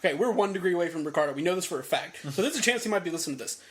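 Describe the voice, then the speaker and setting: A man co-hosting a podcast in casual chat, animated and laughing often. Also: high voice, racing. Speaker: podcast co-host.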